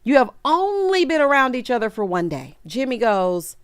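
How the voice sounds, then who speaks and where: A woman giving sassy, animated commentary as she recaps a reality show. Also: on the high side, moderate pace, few pauses, smooth, dry recording, studio quality. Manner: animated, sassy, acts out quotes.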